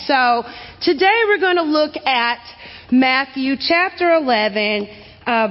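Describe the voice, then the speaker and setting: High-voiced woman preaching in a church. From Arkansas. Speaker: guest preacher. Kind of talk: sermon. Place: church sanctuary. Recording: dull sound in a reverberant church.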